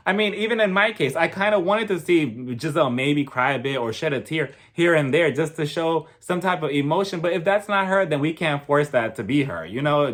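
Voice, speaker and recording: A man with a fairly high voice gossips his way through a reality show recap. He talks in a casual, opinionated way, animated and quick to laugh.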